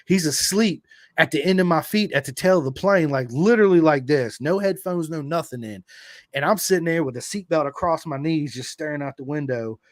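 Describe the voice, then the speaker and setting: Male podcast guest, casual and animated, dry recording. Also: brisk, dry recording. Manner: animated, swearing, acts out quotes with big pitch jumps. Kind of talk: casual storytelling chat.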